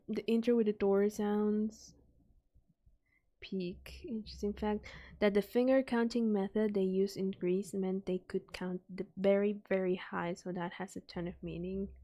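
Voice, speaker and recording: A young woman streaming a casual reaction chat, rambling with many fillers and soft sighs. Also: medium pitch, slow.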